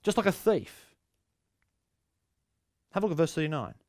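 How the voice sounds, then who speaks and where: A man's voice: on the high side, big pitch swings, moderate pace, darkish tone, no room sound, clean studio sound. A male pastor with an Australian accent, giving a sermon in a conversational, storytelling way with frequent restarts.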